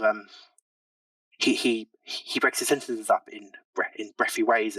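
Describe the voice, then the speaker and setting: A man's voice: medium pitch, level tone, moderate pace, bright, forceful tone, dry recording. A man chatting as a podcast guest, hesitant and searching for words with many restarts. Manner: hesitant, lots of ums and restarts, laughs easily. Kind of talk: reflective casual chat. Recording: dry sound from a distant mic.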